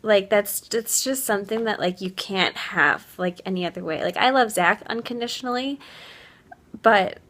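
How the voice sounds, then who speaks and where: A woman's voice: medium pitch, moderate pace, fairly bright tone. Young woman vlogging at home, heartfelt and gushy, says like a lot, normal mid voice, camera in hand. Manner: gushing, heartfelt, heavy use of "like". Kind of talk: casual vlog chat.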